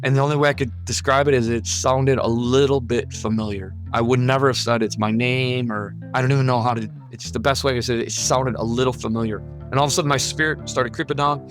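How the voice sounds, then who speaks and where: A man's voice: medium pitch, fairly even intonation, fast talker, few pauses, faint music behind. A man telling his own near-death story in an earnest, vivid and emphatic way. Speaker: guest sharing a near-death testimony. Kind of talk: personal testimony storytelling.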